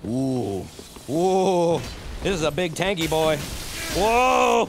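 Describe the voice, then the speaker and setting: A man chatting casually to viewers while streaming a game, excitable and quick to shout and exclaim during fights. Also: on the high side, slight background noise. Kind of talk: casual live-stream gameplay commentary.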